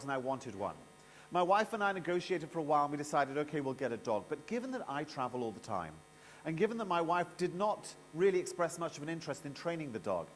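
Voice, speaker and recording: A man emceeing a live conference, telling a long story to the audience in an animated, theatrical way. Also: fairly high pitch, long reverb tail, a little hiss or hum. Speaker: event emcee.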